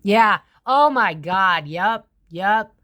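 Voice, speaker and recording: A woman's voice: mid-range voice, expressive, very slow, bright, forceful tone. A woman giving a casual psychic tarot reading, rambling and swearing freely, with frequent laughs. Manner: profane, rambling, laughs often.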